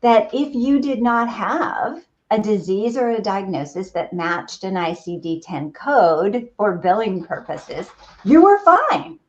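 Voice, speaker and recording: Slow-talking, earnest woman doctor. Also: medium pitch, animated. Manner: emphatic, explanatory, earnest. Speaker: physician guest. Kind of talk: conversational interview. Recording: dull lo-fi audio.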